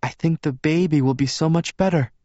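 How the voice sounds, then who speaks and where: A man's voice: on the high side, fairly quick, warm tone, no echo, lo-fi sound, voice pushed up, close to an everyday voice. A man voicing an overeager young woman who talks in an insistent, gushing way.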